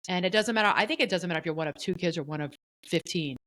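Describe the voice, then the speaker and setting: Middle-aged woman, lower register, candid and animated storyteller in a casual podcast chat. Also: racing, no room sound, poor audio. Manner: candid, animated, often voices the people she quotes. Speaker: podcast co-host.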